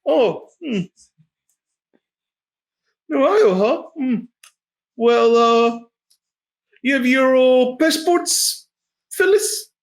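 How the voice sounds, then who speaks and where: A man voicing a corrupt male border guard who sneers and angles for a bribe in a high, put-on voice. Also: animated, drawn-out words, long pauses, full character voice, poor audio. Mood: suspicious.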